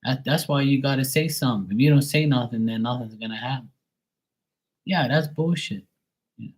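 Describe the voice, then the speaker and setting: A man reading tarot on a live stream, chatting bluntly to a viewer, swearing freely and getting animated when worked up. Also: mid-range voice, moderate pace, slightly rough, low-quality recording. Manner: blunt, swears often, talks straight to a viewer. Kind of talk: casual live-stream chat.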